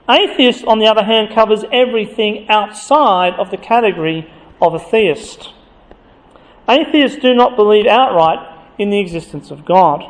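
A man preaching a sermon, emphatic and building to forceful accusation as he reads from scripture. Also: high-pitched. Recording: long hall reverb.

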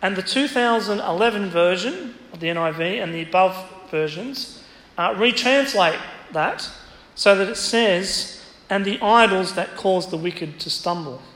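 A man's voice: high voice, animated, a little slow, a bit bright. A man preaching an expository sermon in a church, teaching through a Bible passage and quoting it with emphasis. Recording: echoey church hall, faint ambience.

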